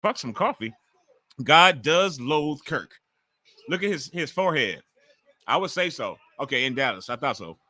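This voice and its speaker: A man in his forties hosting a livestream, giving loud, profane, excitable commentary at home while watching wrestling. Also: mid-range voice, moderate pace. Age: 40s. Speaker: livestream host.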